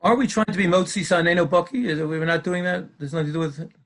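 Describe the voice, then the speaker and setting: A man, a student in a class, asking a quick question from the room. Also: fairly high pitch, a bit bright.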